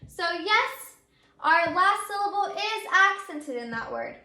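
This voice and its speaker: A high, bright-voiced woman teaches grammar to her students. She is patient and says each example word slowly and more than once. Her voice echoes in the room. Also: lively intonation. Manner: patient, repeats and models words slowly. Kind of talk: grammar lesson.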